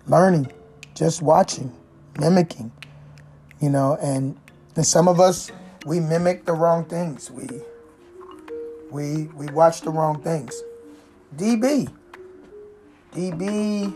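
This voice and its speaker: Low-voiced woman telling her story. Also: a little mellow. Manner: rambling, with frequent "you know" fillers and restarts. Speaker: speaker sharing life story. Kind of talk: reflective personal storytelling.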